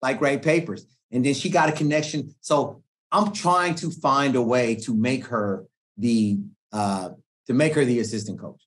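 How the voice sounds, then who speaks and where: A middle-aged man, a guest coach, telling stories in a relaxed podcast chat, slangy and animated, often acting out what people said. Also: medium pitch, moderate pace. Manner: animated slangy storytelling, acts out quoted speech. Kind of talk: casual podcast conversation.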